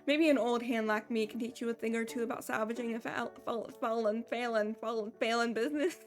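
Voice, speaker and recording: A woman's voice: a little high, steady tone, brisk, faint music behind, natural voice. A woman voicing a folksy male hardware store owner in a Southern American accent, in a video game playthrough. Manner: drawling, homespun.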